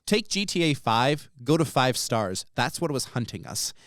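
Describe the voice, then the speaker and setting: A man co-hosting a podcast, telling a story in a casual, animated way with plenty of "um" and "like". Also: mid-range voice, normal speed, no room sound, studio quality. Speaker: podcast co-host.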